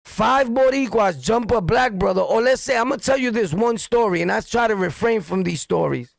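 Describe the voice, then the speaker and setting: A middle-aged man with a New York accent holds forth in a blunt, profane street-talk monologue. His voice sits high for a man and has a gravelly edge. The sound is dry and close. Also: moderate pace, dry recording. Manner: blunt, profane, animated storytelling. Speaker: streamer and commentator.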